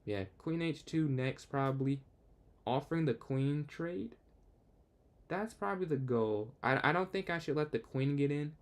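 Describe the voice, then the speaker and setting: A young man streaming chess, casually talking through his moves and answering chat as he plays. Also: fairly high pitch. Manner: thinks aloud, quick asides to chat; excitable outbursts when the game turns. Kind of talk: casual live game commentary.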